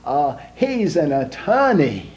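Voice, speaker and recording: A man voicing a boastful older Italian father in broken English, with a put-on Italian accent and a halting, stammering delivery. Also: a little high, very animated, a little mellow. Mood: proud, bragging. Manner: halting, stammering, slow drawl. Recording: dull lo-fi home recording with faint hum.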